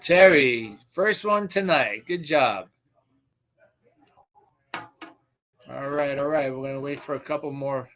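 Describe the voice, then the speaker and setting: A man hosting a live stream with a hoarse, recovering voice, chatting casually and greeting viewers by name with boisterous shouts. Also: mid-range voice, slow, long pauses. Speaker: live stream show host.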